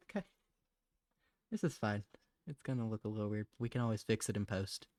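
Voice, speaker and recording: A man's voice: fairly low pitch, expressive, moderate pace, a little mellow, no echo, clean studio sound. Rambling, chatty man streaming live. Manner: rambling and chatty, laughs often; mutters to himself while drawing. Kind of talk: casual live-stream chat.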